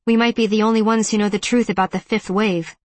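A woman's voice: mid-range voice, fairly even intonation, quick pace, no echo, natural voice. An earnest teenage boy soldier, wounded but sincere, as a woman reader voices him. The audiobook read is dry and close to the mic.

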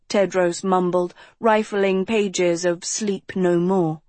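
Woman, audiobook narrator, slow pace, measured storytelling, dry close studio sound. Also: fairly low pitch, fairly even intonation, a little mellow, no room sound. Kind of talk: scripted fantasy narration.

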